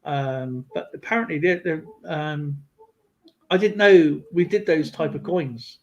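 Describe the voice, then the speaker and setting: A man chatting casually on a livestream, rambling through an animated story with lots of fillers. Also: fairly high pitch, unhurried, highs cut off. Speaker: guest on a livestream. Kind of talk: casual chat.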